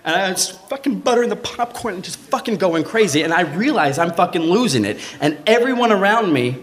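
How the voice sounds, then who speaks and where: A man telling a true personal story live on stage, in casual, swearing talk, acting out the voices of the people in it. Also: moderate pace. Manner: animated, acts out quoted voices with big pitch jumps; swearing, conversational, frequent "like".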